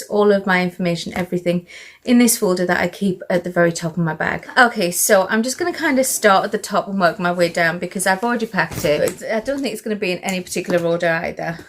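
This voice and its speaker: A British woman chatting through a casual show-and-tell vlog, a little out of breath, rambling with fillers and asides. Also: mid-range voice. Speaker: vlogger.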